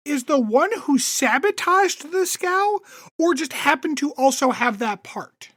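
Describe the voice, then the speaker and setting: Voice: high-pitched, expressive, a little slow, a bit bright, no echo, clean studio sound. A podcast co-host in casual chat, sarcastic and swearing freely. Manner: sarcastic, profane.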